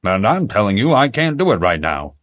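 A man's voice: on the low side, big pitch swings, fairly quick, a bit bright. A man voicing a blunt, stubborn veterinarian man in an audiobook, dry and dismissive. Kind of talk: audiobook character voice.

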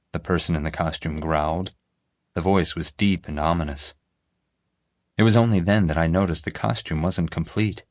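A man narrating a children's mystery story in an even, storytelling way. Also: low voice, moderate pace, no echo, clean studio sound. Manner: steady storytelling. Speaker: audiobook narrator. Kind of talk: scripted narration.

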